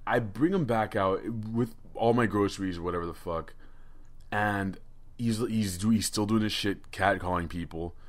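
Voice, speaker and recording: A man's voice: lowish voice, moderate pace. A man telling a rambling, profane story on a casual podcast, stammering and restarting often. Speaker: podcast co-host.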